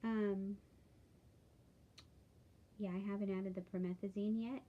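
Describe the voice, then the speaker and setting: A tired woman talking candidly in a casual video diary, with halting speech and many pauses and fillers. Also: fairly low pitch, steady tone, narrow, tinny audio. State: tired, yawning. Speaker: vlogger.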